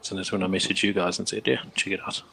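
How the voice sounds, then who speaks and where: Low-voiced man telling casual stories. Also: little pitch movement, quick pace, gravelly, bright, forceful tone, breathy edge. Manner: easygoing, rambling storytelling. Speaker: livestream co-host. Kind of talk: casual chat. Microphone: streaming video call.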